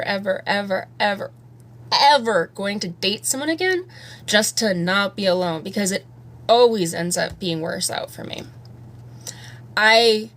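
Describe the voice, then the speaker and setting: A woman's voice: mid-range voice, fairly bright tone. A woman in her thirties chatting casually on a live stream at home, rambling and candid and swearing freely while she does her makeup. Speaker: livestreamer.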